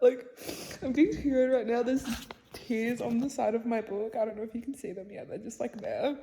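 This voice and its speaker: A woman's voice: fairly high pitch, expressive, a little fast, mellow, a little hiss or hum. A young woman chatting casually in a reading vlog at home by her bookshelves. She gushes about what she reads and often drops into a near whisper. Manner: gushing and chatty, drifts into whispers and laughter. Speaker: book vlogger.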